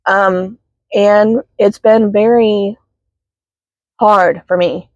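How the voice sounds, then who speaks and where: A woman, teary and sniffling, talking haltingly in a heartfelt vlog from her parked car. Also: medium pitch, fairly even intonation, no room sound. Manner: halting, many fillers and apologies. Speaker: spiritual healing vlogger. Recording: dull, dry sound inside a car.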